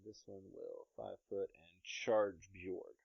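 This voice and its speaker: Game master, man, low voice, playful narration, dry and slightly dull podcast sound. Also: steady tone, gravelly, darkish tone, slightly rough, no room sound. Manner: playful, narrating combat with quick asides. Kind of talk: running a tabletop game, casual.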